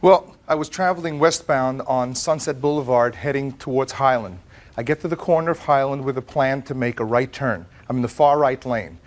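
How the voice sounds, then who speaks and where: A middle-aged man testifying as plaintiff in a courtroom, telling his story in an animated way, acting out what others said, often repeating words and restarting. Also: mid-range voice, moderate pace. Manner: animated storyteller, quotes others in lively voices.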